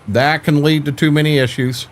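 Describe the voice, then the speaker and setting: A man's voice: on the high side, steady tone, moderate pace. An older man chatting casually on a live stream about farming games, laid-back and folksy, often stumbling and repeating words.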